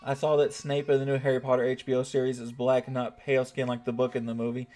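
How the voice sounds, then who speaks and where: A man's voice: medium pitch, monotone, fast, a little mellow. A man from the United States streaming a strategy game, chatting casually and thanking viewers in chat by name. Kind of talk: casual livestream commentary.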